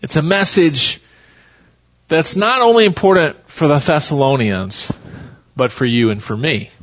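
A man's voice: a little high, measured pace, fairly bright tone, muffled recording. A male pastor preaching a sermon in a folksy, storytelling way.

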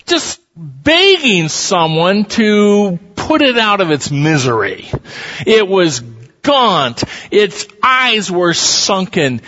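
A man preaching a sermon, telling stories in an animated, emphatic way in a large hall. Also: high-pitched. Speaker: pastor. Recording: dull recording in reverberant hall.

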